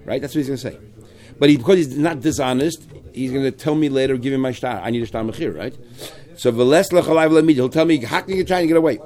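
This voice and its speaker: A man teaching a Talmud class, quickly reading the text and explaining it in English, acting out the parties in the case. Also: medium pitch, darkish tone. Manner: rapid, mixing Hebrew-Aramaic terms with English, quotes lines.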